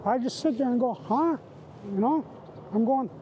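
A Canadian man, a survivor of residential school, gives personal testimony in a documentary interview. His voice is very high and fairly quick, and he retells the past in vivid present tense with repeated phrases. The recording is muffled, with slight background noise.

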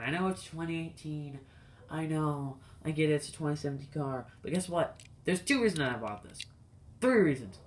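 There's slight background noise as a young man with a somewhat high, fairly bright voice reviews a toy race car. The diecast collector speaks directly to his channel's viewers, ranting in exasperation through this casual video review.

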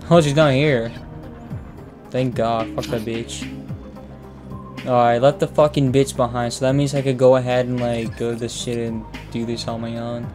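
A man commenting on a video game as he plays, swearing constantly and breaking into loud sudden outbursts. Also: medium pitch, steady tone, moderate pace. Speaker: gameplay commentator. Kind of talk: let's play commentary. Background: game audio and music.

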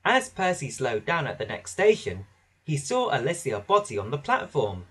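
A man narrating a children's storybook in a lively, animated way. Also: mid-range voice, moderate pace, husky.

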